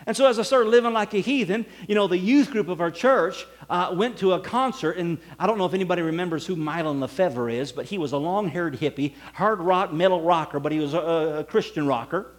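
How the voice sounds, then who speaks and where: A man preaching a sermon, telling his own testimony with swings from hushed to loud, exclaiming passages. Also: high-pitched, fairly quick, few pauses.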